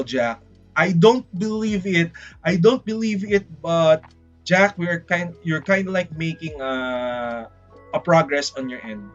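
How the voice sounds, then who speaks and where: A man with a Filipino accent chatting casually on a livestream, rambling and excitable, often saying "freaking". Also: on the high side, a little slow, highs cut off, soft background music. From Philippines. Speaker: VTuber streamer.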